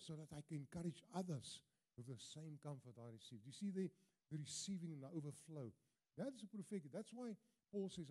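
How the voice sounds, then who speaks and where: A man's voice: fairly high pitch, mellow. A South African-accented older man, an Afrikaans speaker, preaching earnestly as a guest preacher in a church, often repeating words for emphasis. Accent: South African English. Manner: earnest, emphatic with frequent repetitions. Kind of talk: sermon.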